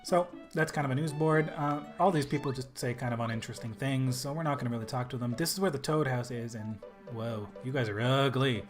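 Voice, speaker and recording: A man's voice: mid-range voice, normal speed. A man giving casual gameplay commentary in a let's play, with offhand, dry asides. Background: game music.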